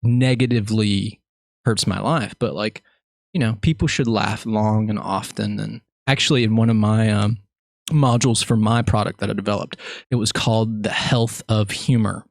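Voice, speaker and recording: A man's voice: fairly low pitch, steady tone, moderate pace, creaky, no room sound, clean studio sound. A man hosting a podcast interview, chatting casually in a jokey, rambling, self-mocking way. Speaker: podcast host.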